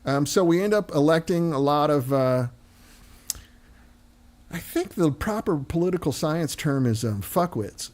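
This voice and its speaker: A man's voice: a little high, animated, measured pace, a little mellow. A man, chatting casually and joking with some swearing. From United States. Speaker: host. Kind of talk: casual chat.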